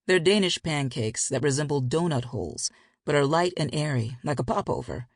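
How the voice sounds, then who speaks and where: A woman voicing a gruff, teasing grown man who speaks in a husky, growling tone. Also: animated, moderate pace, no echo, studio quality. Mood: easygoing. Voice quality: low and husky. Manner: growling, rough-edged banter.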